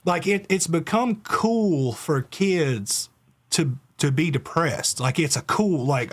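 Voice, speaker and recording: A man's voice: on the high side, expressive, takes it slowly, fairly bright tone. A man hosting a call-in talk show, ranting in a fired-up way with casual profanity. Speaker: host.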